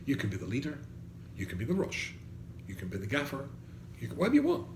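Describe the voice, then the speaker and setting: A rabbi with a gravelly mid-range voice talks fast, his pitch swooping wildly, in an animated Torah lecture for students. He quotes Hebrew verses, translates them and poses questions to the class. The recording has room echo and faint background noise.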